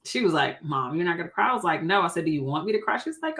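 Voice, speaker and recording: Thirties woman co-host; bright tone, lower register, relaxed chatty delivery with laughs. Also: very fast. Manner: chatty, laughs often, acts out quoted dialogue. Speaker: co-host, realtor. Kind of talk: casual chat.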